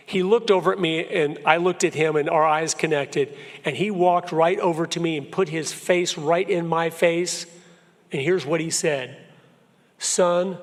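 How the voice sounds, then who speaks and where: A man in his fifties from Florida, giving an earnest, emphatic church talk full of personal stories. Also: on the high side. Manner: earnest storyteller, emphatic, shifts pace a lot. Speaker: guest speaker. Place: church sanctuary. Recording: long hall reverb.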